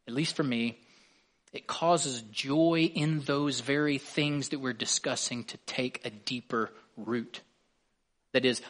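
A man's voice: medium pitch, a bit bright. Earnest man preaching a sermon. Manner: earnest preaching that swells on key words. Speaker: pastor.

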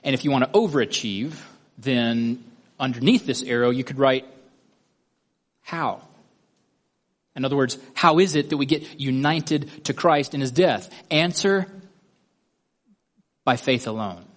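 A man's voice: mid-range voice, a little slow, long pauses. A man teaching a Bible study lesson, methodically guiding listeners step by step through a drawing.

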